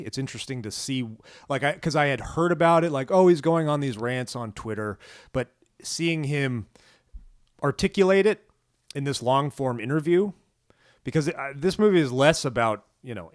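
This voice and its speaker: A man's voice: medium pitch, no room sound, studio quality. A man co-hosting a casual film podcast, joking around and slipping into mock wrestling-promo bluster. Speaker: podcast co-host.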